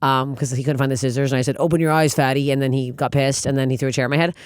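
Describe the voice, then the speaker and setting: A woman's voice: rumbling low, very fast, clear, resonant tone, no room sound, clean studio sound. A woman comedian, a guest on a podcast, telling stories in casual chat with lots of swearing. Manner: animated, profane storytelling.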